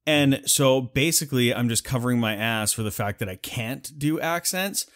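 A man's voice: mid-range voice, moderate pace, fairly bright tone. A man playing in the group, chatting casually on a podcast and mocking himself as he jokes. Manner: self-mocking, joking. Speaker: player.

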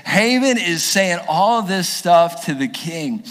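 Male pastor, high voice, animated storytelling sermon, reverberant church hall. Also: slow. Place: church sanctuary.

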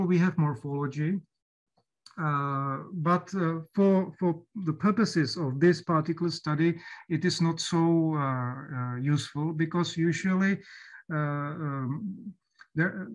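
Hesitant, higher-voiced male lecturer. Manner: hesitant, many fillers and restarts. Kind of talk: academic lecture.

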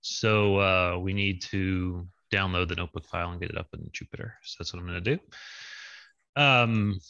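A man with a lowish, forceful, bright voice walks students through a coding lab over a video call. He talks casually, thinks aloud and fills pauses with ums and uhs. The sound is dry and a little dull, like lo-fi call audio. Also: steady tone, dry recording. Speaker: lab instructor. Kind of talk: online coding lab walkthrough. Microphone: video call with screen share.

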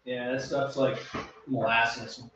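A man's voice: medium pitch, little pitch movement, slow pace. Easygoing man narrating his brewing steps. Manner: easygoing, short replies, talks through his steps. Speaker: homebrewing video co-host. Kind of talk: casual chat while brewing. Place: home brewing space. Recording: roomy, distant, dull and very noisy home recording.

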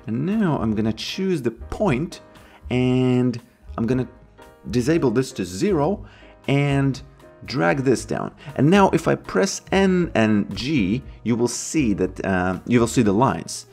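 Casual guy walking thru a 3d software tutorial, husky voice, bouncy pitch, faint music under it. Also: very animated, measured pace. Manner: chatty, self-approving asides; put-on Russian accent in part. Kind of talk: screen-recorded software tutorial.

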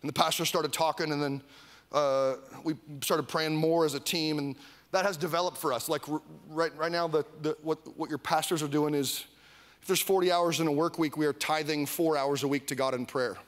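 Animated high-voiced male pastor preaching. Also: moderate pace. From Iowa. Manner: animated, with mock whiny voices and calls for the crowd to repeat. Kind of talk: sermon. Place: church service.

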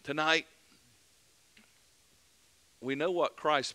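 Bright-voiced fervent preacher, a man. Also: fairly high pitch, expressive, measured pace. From United States. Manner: fervent preaching, rising to loud emphatic peaks. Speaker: pastor. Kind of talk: sermon.

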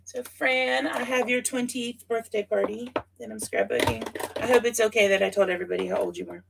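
A woman's voice: a little high, brisk, creaky, noisy background. A woman hosting a casual scrapbooking livestream, chatting with viewers by name and thinking aloud as she works. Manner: chatty, talks to viewers by name while working; thinks aloud with frequent asides. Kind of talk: casual livestream chat while crafting.

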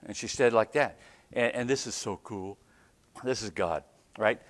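A man preaching a storytelling sermon as a pastor, animated, often checking in with "right?" and laughing between lines. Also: fairly low pitch, unhurried. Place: church.

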